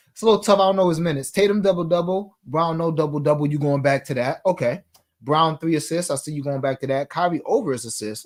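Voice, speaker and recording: A man's voice: on the high side, animated, a little fast. A man hosting a sports betting talk show, chatting casually in slang and reading viewer comments aloud.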